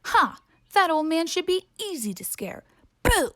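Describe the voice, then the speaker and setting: A woman's voice: extremely high pitch, big pitch swings, unhurried, background noise, pitched above the performer's own voice, full character voice. A woman voicing a grumpy male ghost who loves to scare people, storybook reading. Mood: gleeful scheming. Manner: gleeful, scheming.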